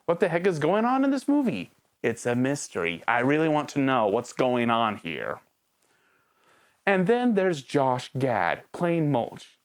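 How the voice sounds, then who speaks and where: A woman's voice: deep voice, big pitch swings, a little slow. A woman reviewing a movie in a casual video, talking straight to the viewer with sarcastic rhetorical questions.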